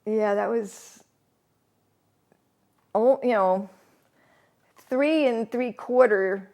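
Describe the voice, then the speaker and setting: Middle-aged woman telling her story, gravelly fry in her voice, stops and starts, laughs a lot. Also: medium pitch, a little mellow. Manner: halting, often laughs mid-sentence. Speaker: interviewee. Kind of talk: candid personal storytelling.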